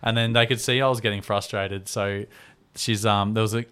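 Man, thirties, lowish smooth voice, animated casual storytelling, swears a lot. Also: normal speed. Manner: animated, swears freely, acts out quoted voices. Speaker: podcast co-host.

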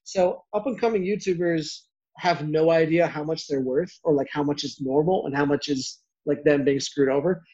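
A young man, a YouTuber, talking casually in an interview, quick and chatty with lots of filler words. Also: on the high side, dark tone, slightly rough. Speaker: YouTuber guest. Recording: dull lo-fi sound.

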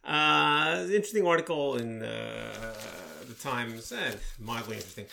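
A man's voice: mid-range voice, a little slow, gravelly, bright, forceful tone. A man in casual conversation, giving short, dry, wry replies.

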